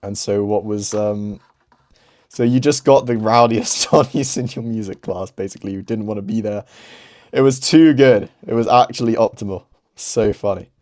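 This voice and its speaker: A man's voice: on the low side, moderate pace, darkish tone. A young man hosting, chatting casually over gameplay in a rambling, laughing way. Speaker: host.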